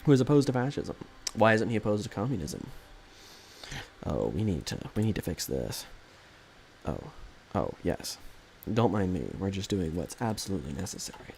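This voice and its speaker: Man, game streamer, lively swinging delivery, slightly low voice, chatty and joking, full of self-corrections. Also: moderate pace, vocal fry, a little hiss or hum. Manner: rambling, jokey, self-correcting. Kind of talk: casual live gameplay commentary.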